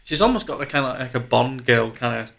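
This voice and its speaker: A man who is a guest on a casual film chat podcast, speaking in a measured, matter-of-fact way. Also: mid-range voice, animated, vocal fry, a bit bright.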